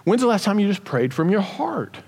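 A male pastor giving a sermon in a lively, conversational way, asking the congregation rhetorical questions. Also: high-pitched, a little fast, vocal fry, slightly rough, in a large hall.

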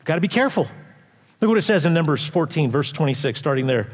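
Male pastor, a bit high-pitched, chatty sermon delivery with questions to the room, long hall reverb. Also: sing-song, quick pace. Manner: conversational preaching with rhetorical questions to the congregation.

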